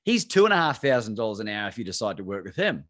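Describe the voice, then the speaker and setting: Animated Australian man telling a story. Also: on the low side, quick pace, no room sound, studio quality. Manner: animated storyteller acting out both sides of phone calls. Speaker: guest speaker, courage coach. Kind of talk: storytelling talk on a video call.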